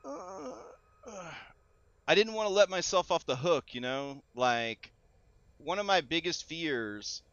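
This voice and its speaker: A man's voice: a little high, expressive, a little slow, fairly bright tone, smooth, dry recording. A young man streaming casually, telling a story with lots of laughter and swearing. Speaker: VTuber streamer. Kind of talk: casual live-stream chat. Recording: slightly dull stream audio with music.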